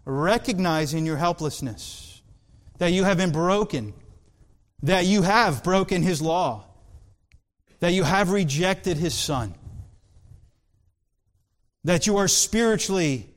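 A man preaching a sermon in an earnest, emphatic way, drawing out key words slowly. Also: high-pitched, lively intonation. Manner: earnest, emphatic, with slow drawn-out stresses.

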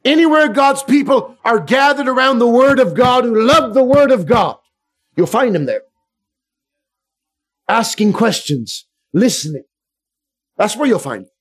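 Brief: middle-aged male preacher with a high voice, fervent, hush-to-loud sermon delivery. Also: expressive, measured pace, pauses often, husky. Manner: fervent, swings from hushed to loud.

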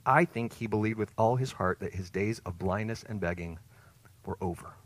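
A man's voice: on the low side, moderate pace, dry recording. Earnest male pastor preaching a sermon. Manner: earnest preaching, swinging from loud emphatic peaks to soft hushed phrases.

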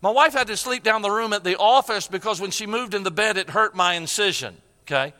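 A man's voice: sits high, a little fast, pushed and bright, in a large hall. An older man preaching a sermon, telling a personal story with emotion and repeated phrases.

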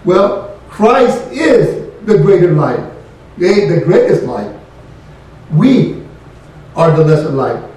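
A man's voice: high voice, very animated, slow pace, pauses often, a little mellow. A man preaching a sermon, emphatic and questioning, repeating key phrases to his congregation. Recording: very echoey room, voice from a distant mic.

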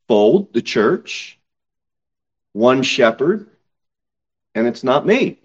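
A male pastor preaching at the pulpit of a church, reading scripture aloud. He leans on slow, drawn-out stresses and climbs to sudden raised peaks when he drives a point home. His voice sits in a middle pitch, and the recording sounds dull and lo-fi. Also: very animated. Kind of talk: sermon.

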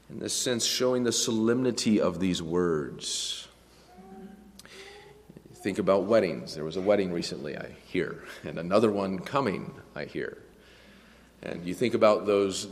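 A man preaching a sermon, earnest, slowing down and rising in pitch to stress key phrases. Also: darkish tone, in a large hall. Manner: earnest preaching, slows and rises for emphasis. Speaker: pastor.

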